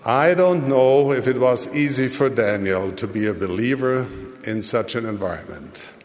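A man giving a sermon in a measured, deliberate way, with his voice rising and falling for emphasis. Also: medium pitch, slight background noise. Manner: slow, measured delivery with dramatic rises and drops. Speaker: church leader. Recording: long hall reverb.

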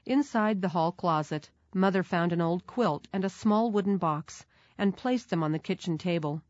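A woman narrating a children's storybook in a measured, clear manner. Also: lowish voice, a little mellow, no echo. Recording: dull, dry recording.

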